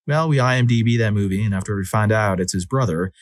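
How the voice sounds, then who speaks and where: Low-voiced man narrating stories, dry sound. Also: fast, no echo. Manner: expressive, dramatic reading with acted quotes. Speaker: story narrator. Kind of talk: scripted narration of reader stories.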